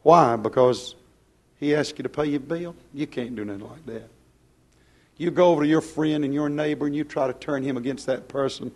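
A man preaching a plain-spoken, folksy sermon, swinging from loud to hushed. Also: on the high side, moderate pace.

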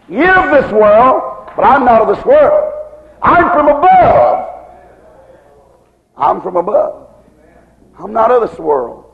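A man's voice: sits high, vocal fry. A man preaching a sermon in a rhythmic style, asking the congregation rhetorical questions again and again. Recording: muffled recording with long hall reverb.

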